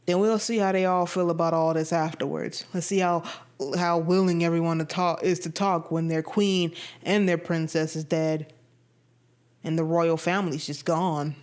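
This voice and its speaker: A woman voicing a menacing, cold male undersea king, quietly threatening as she retells a movie scene in a review vlog. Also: on the low side, fairly even intonation, normal speed, smooth, close to an everyday voice.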